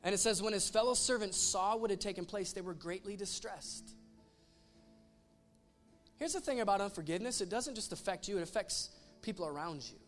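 A pastor preaching a casual, animated sermon, retelling a story with voiced asides. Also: male voice, high voice, a little fast, faint music behind.

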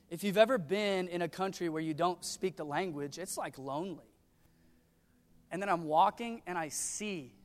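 A man's voice: on the high side, in a large hall. A male pastor giving a sermon in a church, mixing worship talk with a self-deprecating travel story. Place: church sanctuary.

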